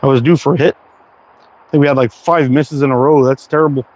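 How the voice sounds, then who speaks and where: A middle-aged man casually chatting on a livestream as he shoots, relaxed and self-deprecating. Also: medium pitch, a little fast, poor audio. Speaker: slingshot livestream host. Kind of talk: casual live-stream chat while target shooting.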